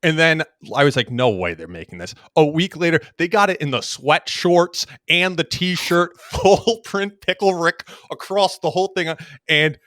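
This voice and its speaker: A man's voice: fairly high pitch, measured pace, few pauses, no room sound, studio quality. A young man co-hosting a podcast, chatting casually and telling stories with lots of laughter. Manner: animated storytelling, laughing. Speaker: podcast co-host. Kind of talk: casual chat.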